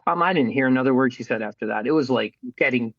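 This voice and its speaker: A man's voice: mid-range voice, quick pace, dry recording, lo-fi sound. A middle-aged man telling his life story in a candid, casual interview, acting out what people said to him. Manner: candid, animated storyteller who acts out quoted voices and swears casually.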